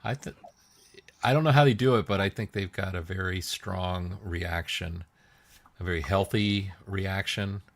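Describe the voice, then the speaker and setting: A man co-hosting a casual podcast who rambles through stories, often restarting, and puts on squeaky voices for other people. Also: a little slow. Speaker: podcast co-host. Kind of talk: casual chat.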